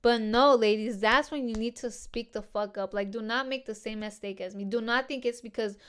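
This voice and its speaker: Swearing freely and talking in casual slang, a female podcast host recounts something from her own life, calling listeners "dude" and "girls." The voice is on the high side with a clean tone, fairly even intonation, and normal speed.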